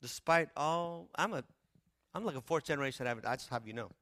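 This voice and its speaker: A man preaching a sermon as pastor, impassioned, with a repetitive cadence that swings from hushed to loud. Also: on the high side, a little fast, no echo.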